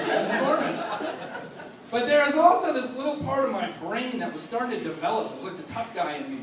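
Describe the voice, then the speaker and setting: High-voiced man telling a story on stage. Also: fast, far from the mic, crowd noise. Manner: animated, laughing, acts out other voices. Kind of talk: live comedic storytelling. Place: stage before a live audience. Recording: echoey hall, voice from off mic.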